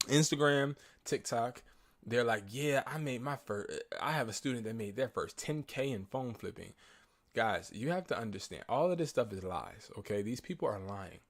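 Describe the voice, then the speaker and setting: A man who is sick, talking slowly and quietly while trying not to cough, coaching viewers on phone flipping in a casual talk to the camera. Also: lowish voice. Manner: talks slowly and quietly, grows louder and heated.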